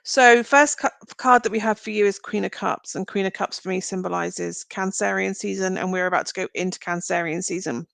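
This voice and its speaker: A woman's voice: mid-range voice, fairly even intonation, a little fast, creaky, hardly any pauses, fairly bright tone, no echo. A woman giving live-streamed tarot card readings, talking straight to viewers in a chatty, meandering, reassuring way as she thinks aloud. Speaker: tarot reader.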